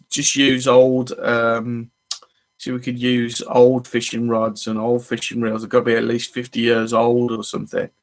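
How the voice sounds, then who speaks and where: Chatty man on a live stream. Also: medium pitch. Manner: rambling and chatty, greeting viewers as they arrive. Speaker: fishing channel host. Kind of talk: casual live stream chat.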